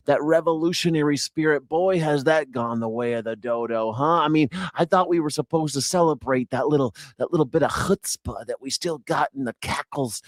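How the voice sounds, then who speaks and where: A man's voice: a little high, dry recording, clean studio sound. A man hosting a livestreamed news reaction show, hyped and sarcastic, with sing-song asides. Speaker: host.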